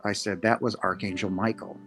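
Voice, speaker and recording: A man, a podcast guest, earnestly recounting a personal encounter, halting with restarts and quoting himself as he goes. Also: on the low side, little pitch movement, fairly bright tone, soft background music. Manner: earnest, halting, many restarts and quoted asides. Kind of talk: first-person storytelling.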